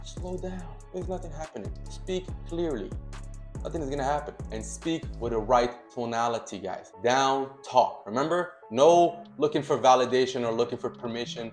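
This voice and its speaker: A man's voice: medium pitch, normal speed, reverberant, faint music behind. A man giving casual dating advice straight to camera, stressing and repeating his points and acting out sample lines. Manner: emphatic, repeats key points, acts out example lines. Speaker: dating coach.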